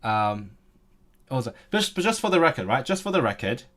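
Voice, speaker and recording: A young man, in his late twenties, at a middle pitch. He chats on a live stream and answers viewers in a joking way, tripping over repeated words and restarting his sentences as he goes. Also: sing-song, fairly quick, fairly bright tone. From Hong Kong. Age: late 20s. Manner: chatty and joking, with frequent stammered restarts. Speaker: language-learning streamer. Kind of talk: casual live-stream chat, reading out viewer comments.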